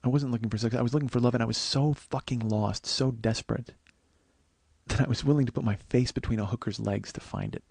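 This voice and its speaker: A man in his forties, hosting his podcast and telling a raw, profane story that swings from hushed and tearful to loud and laughing. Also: medium pitch, fairly even intonation, fast talker, creaky, husky, no room sound. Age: 40s. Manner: profane, rambling with many restarts. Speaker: podcast host. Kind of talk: confessional comic storytelling.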